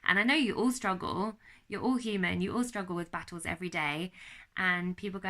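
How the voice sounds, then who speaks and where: Young British woman, vivid bright tone, confiding home vlogger, casual and earnest. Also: on the low side, steady tone, brisk. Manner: earnest and confiding, chatty with fillers. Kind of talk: candid personal vlog.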